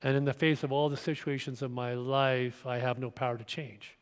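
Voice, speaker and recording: A man's voice: mid-range voice, little pitch movement, normal speed. A man preaching a sermon in a church, getting over a cold with an occasional cough, talking conversationally with restarts and questions to the congregation. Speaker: pastor. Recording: long reverb of a church hall.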